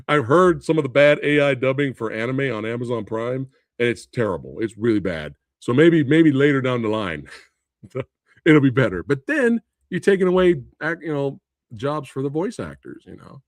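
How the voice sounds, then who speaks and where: A man with a medium-pitched voice and moderate pace hosts a live movie review stream with no echo. He rants in animated disbelief, laughs often, swears and responds to viewer comments.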